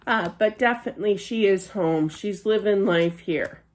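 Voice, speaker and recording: A woman's voice: medium pitch, moderate pace. A middle-aged woman giving a psychic reading, chatty, with many fillers and frequent laughter. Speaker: psychic medium. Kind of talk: spiritual reading monologue.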